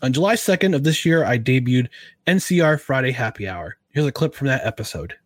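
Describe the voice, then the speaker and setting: A man's voice: medium pitch, lively intonation, brisk, dry recording. A man hosting a casual podcast talk show, chatting loosely with many restarts while he drinks a beer. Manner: rambling, lots of restarts. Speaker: podcast host.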